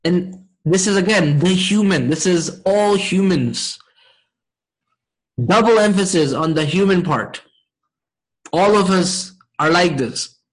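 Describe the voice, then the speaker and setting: A man teaching a Quran and Arabic lesson, checking in with his class often and reciting verses quickly. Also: high voice, rough recording. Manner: asks the class frequent check-in questions, many fillers. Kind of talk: interactive online class lesson.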